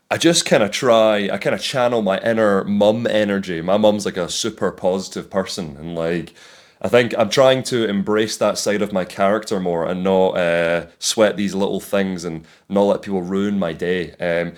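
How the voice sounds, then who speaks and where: A young Scottish man chatting casually to camera about his grass-cutting business, animated and swearing freely as he tells stories. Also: fairly low pitch. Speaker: vlogger, landscaping business owner. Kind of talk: casual vlog storytelling.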